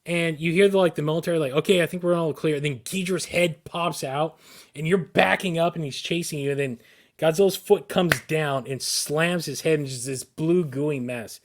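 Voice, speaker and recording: Male podcast co-host, slightly high voice, excitable rambling storyteller who keeps restarting his sentences. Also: normal speed.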